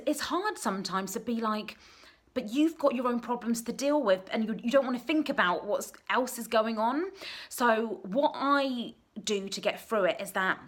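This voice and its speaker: A woman's voice: on the high side, fairly bright tone. A woman talking straight to camera at home in an unscripted, heartfelt vlog, earnest and encouraging. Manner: emotional, tearful at times, earnest and encouraging. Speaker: vlogger, single mum business coach. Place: at home, messy room.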